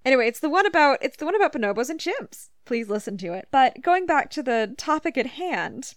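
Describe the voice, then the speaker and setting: A fairly high-voiced woman from Canada co-hosts a casual podcast and lays out her points at length, pressing back when she is interrupted. The sound is dry and close to the mic, with no room around it. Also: sing-song, no echo. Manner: explanatory, insistent, quick asides. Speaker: podcast co-host. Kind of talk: casual educational podcast chat.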